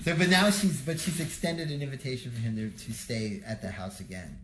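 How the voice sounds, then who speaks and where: A man's voice: mid-range voice, fairly quick, fairly bright tone, slight background noise. A man hosting a casual live talk show and trading dry, teasing jokes. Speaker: podcast host. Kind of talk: casual chat. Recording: roomy echo.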